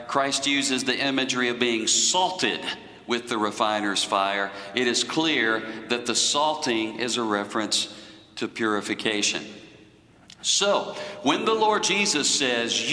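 Slow, deliberate male preacher in echoey hall. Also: medium pitch, bright, forceful tone. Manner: slow, deliberate teaching delivery. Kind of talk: sermon.

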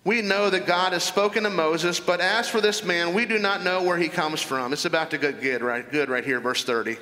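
Man, pastor, sermon, high voice, bright tone, expository preaching. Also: moderate pace, in a large hall, poor audio. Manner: expository preaching, reading scripture aloud with emphatic commentary.

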